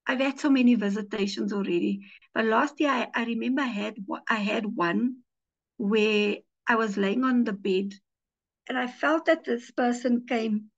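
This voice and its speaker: A woman pastor preaches with lively storytelling, slipping into the voices of the people she quotes. Her voice sits a little high for a woman's. The audio is muffled and lo-fi. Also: moderate pace. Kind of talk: teaching sermon with personal stories.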